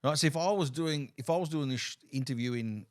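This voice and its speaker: A man's voice: on the high side, fast. A man, a comedian hosting a casual conversation, telling stories animatedly with many restarts. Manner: animated storyteller, repeats and restarts while gesturing with his voice. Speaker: comedian and show host.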